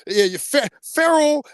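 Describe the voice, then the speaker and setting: A man co-hosting a podcast in casual chat, telling stories in an animated way with frequent laughs and high pitch leaps. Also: dry recording. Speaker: podcast co-host.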